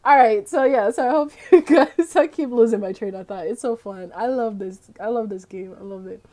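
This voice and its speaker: A woman's voice: fairly high pitch, moderate pace, warm tone. Chatty young woman rambling through gameplay. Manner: chatty, rambling, often laughing and losing her thread. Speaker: gaming vlogger. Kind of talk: casual gameplay commentary.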